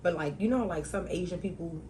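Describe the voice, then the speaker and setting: Hosting her own talk show solo, a young woman briskly rambles through casual, slang-filled stories. Her slightly low voice leaps into loud, excited outbursts when she acts out a punchline, over a faint hum of room ambience.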